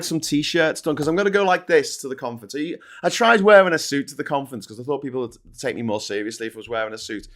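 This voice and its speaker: A man's voice: medium pitch, fast, few pauses, fairly bright tone. A middle-aged man with a Scouse accent, hosting a casual live news chat, reading viewer comments aloud and ranting bluntly with plenty of swearing. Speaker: host.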